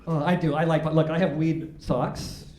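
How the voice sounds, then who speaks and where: Older male stand-up, high animated voice, rambling self-deprecating delivery, echoey room. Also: moderate pace. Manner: self-mocking, rambling, with frequent false starts. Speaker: stand-up comedian. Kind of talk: stand-up comedy set.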